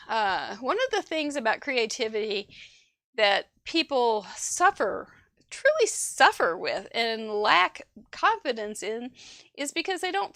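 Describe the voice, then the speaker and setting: A chatty woman hosts a live crafting stream, praising viewers' cards in a rambling, effusive way and laughing often. Her voice is bright and pitched a little high. The sound is dry and close, with no room echo. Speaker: host of a live crafting show.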